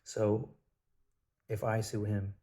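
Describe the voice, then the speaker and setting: Guy with a deep flat dark voice, swearing casually while he rambles through a story. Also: takes it slowly. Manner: blunt, profane storytelling with many "like" fillers. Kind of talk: casual spiritual monologue.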